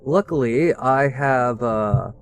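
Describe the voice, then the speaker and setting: A man's voice: mid-range voice, lively intonation, slow, soft background music. A man casually commentating his own gameplay, thinking aloud with plenty of fillers and restarts. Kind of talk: casual let's-play commentary.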